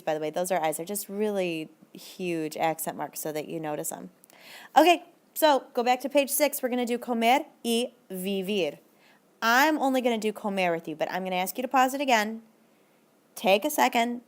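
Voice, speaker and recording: A woman teacher giving a recorded video lesson, upbeat and encouraging, slowing down and stretching out her Spanish examples. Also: medium pitch.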